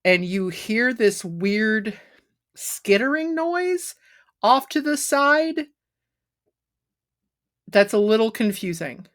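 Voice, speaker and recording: A woman's voice: fairly high pitch, big pitch swings, slow pace, long pauses, a bit bright. A woman narrating as game master of a tabletop game, casual and giggly.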